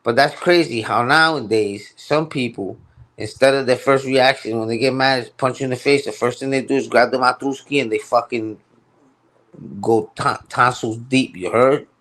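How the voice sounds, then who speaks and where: A man's voice: medium pitch, steady tone, moderate pace, a bit bright. Male streamer, heated slangy rant, repetitive, mid-range voice. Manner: heated, repetitive, slangy, keeps asking "you heard?". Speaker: live streamer. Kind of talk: casual live-stream rant.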